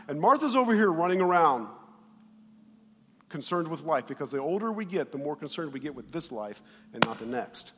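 A man pastor preaching a sermon in an animated way, with loud bursts and quiet asides, acting out the quoted voices. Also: on the high side, a little fast, slightly rough, long reverb tail.

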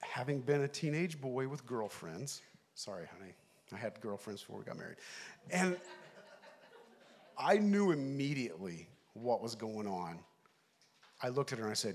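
A middle-aged man preaching a sermon, telling a story animatedly, laughing along and shouting the lines he quotes. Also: medium pitch, animated, normal speed, pauses often. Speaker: pastor.

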